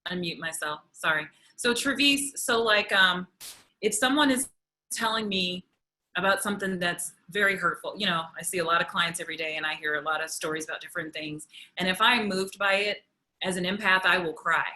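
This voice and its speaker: A woman with a bright, fairly low voice speaks as a counselor on a roundtable held over a video call. She talks in a reflective, questioning way. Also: fairly quick, low-quality recording. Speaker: panelist, counselor.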